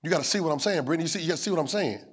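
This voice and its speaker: A man a sermon in a call-and-response style. He repeats phrases, asks the room whether they hear him, and climbs to shouts. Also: on the high side, very fast, slightly rough. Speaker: preacher.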